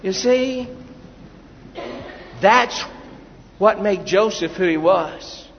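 A man preaching a sermon, moving from quiet storytelling to loud, drawn-out exhortation to the congregation. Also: high voice, expressive, a little hiss or hum. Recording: dull, lo-fi with long hall reverb.

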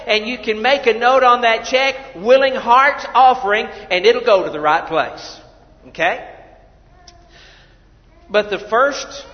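A male pastor preaching a sermon in a church, earnest and conversational, repeating his words and asking the congregation questions. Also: high-pitched. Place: church sanctuary. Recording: dull audio with long hall reverb.

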